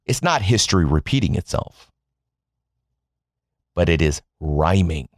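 A man from the United States delivers a biting, sarcastic rant straight to his viewers, swearing freely. His pitch swings widely as he mocks and jabs, and the recording is dry and close, with no room sound. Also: animated, a little slow, dry recording. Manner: sarcastic, profane, addresses viewers as "folks". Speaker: political commentator. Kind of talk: sarcastic commentary monologue.

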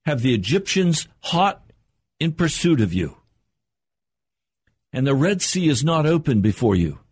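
An older man preaching a sermon in an earnest, measured way, slowing down for emphasis. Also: a little high, slightly rough, no room sound, clean studio sound.

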